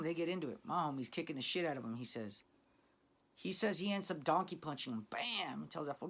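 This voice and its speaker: A man's voice: a little high, animated, moderate pace, fairly bright tone. A man hosting his own channel, telling a crime story in casual street slang, swearing freely and talking to viewers as guys.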